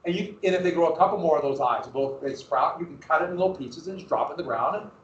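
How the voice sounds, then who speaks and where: A man's voice: on the high side, fast talker, slight background noise. Male teacher lecturing in an echoey classroom. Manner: lively, asks the class questions, restarts phrases. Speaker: history teacher. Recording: roomy, distant, dull classroom recording.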